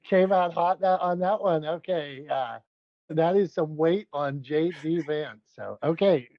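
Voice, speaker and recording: A man with a high voice co-hosts a podcast, steering the chat upbeat and quick with little asides. His sound is dry and close with a dull, lo-fi edge. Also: dry recording. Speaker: podcast co-host. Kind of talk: casual comedic chat.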